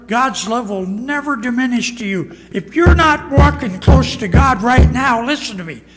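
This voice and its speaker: A man's voice: sits high, a bit bright, long reverb tail. A man preaching a sermon as pastor, emphatic and acting out quoted lines. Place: church sanctuary.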